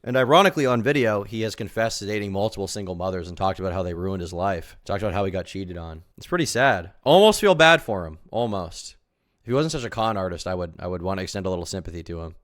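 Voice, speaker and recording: Streamer, man, low-ish and very animated, scornful live reaction commentary. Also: fast, hardly any pauses. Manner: mocking, incredulous, swings between loud rants and quiet asides.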